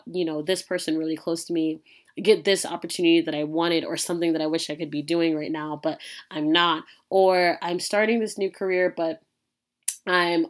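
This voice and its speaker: A young woman in her twenties, hosting a podcast and talking candidly in a rambling way, full of fillers. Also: fairly low pitch. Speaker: podcast host. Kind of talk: casual podcast monologue.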